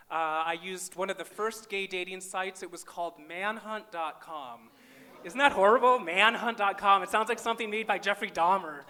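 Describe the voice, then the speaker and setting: A man's voice: sits high, sharp tone, slight background noise. A man from small-town Minnesota doing a live stand-up comedy set on stage, with wry, self-deprecating punchlines.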